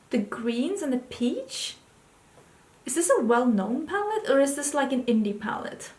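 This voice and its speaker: Excitable woman vlogger, roomy sound. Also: sits high, a little slow, a little hiss or hum. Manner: excitable, chatty, full of questions and gasps. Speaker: beauty vlogger. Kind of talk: casual chat, thinking aloud. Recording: roomy echo.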